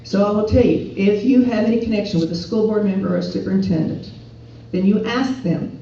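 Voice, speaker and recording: A woman gives an earnest, persuasive public speech, often putting questions to the crowd. Her voice is mellow and dark. It is recorded from well back in a very echoey hall, with a dull, muffled sound. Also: mid-range voice, fairly quick, distant mic, a little hiss or hum. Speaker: speaker at a political rally. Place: event hall.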